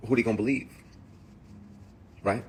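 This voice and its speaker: A man's voice: medium pitch, fairly even intonation, normal speed, a little hiss or hum. A man, an actor, speaking straight to camera in an emphatic, profane, heated rant. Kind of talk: impassioned direct-to-camera rant.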